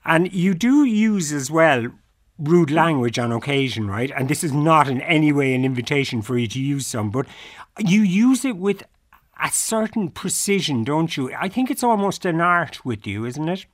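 A man's voice: on the high side, animated, moderate pace, dry recording, studio quality. A man hosting a radio interview, asking teasing, conversational questions. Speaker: radio host.

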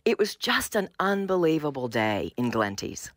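An enthusiastic woman from the United States talking on a phone line, with a fairly low voice and a dry, close sound. She gushes warmly about her experiences. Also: very animated, normal speed, no room sound. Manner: effusive, enthusiastic storyteller. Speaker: theatre director. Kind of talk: phone interview.

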